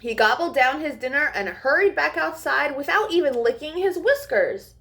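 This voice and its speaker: Young woman doing storytime, sing-song, high and bright, slow and lively. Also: creaky. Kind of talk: reading a picture book aloud.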